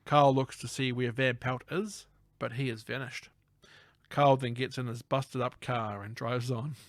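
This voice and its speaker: A man's voice: mid-range voice, steady tone, unhurried, dry recording, studio quality. A man co-hosting a film review podcast, retelling the plot in casual chat and acting out lines in voices, laughing often.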